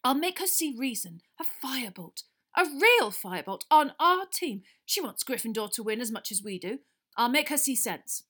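A woman reading an audiobook, voicing an excitable teenage boy sports captain who exclaims eagerly in a raised voice. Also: fairly quick. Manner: breathless, eager, high-pitched exclaiming. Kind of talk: audiobook character voice.

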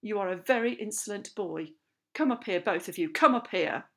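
A woman's voice: medium pitch, lively intonation, normal speed, lightly acted. A woman putting on a barking, bullying old schoolmaster. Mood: menacing. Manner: barking, shouting, contemptuous. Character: harsh, bullying older male schoolteacher, ex-army.

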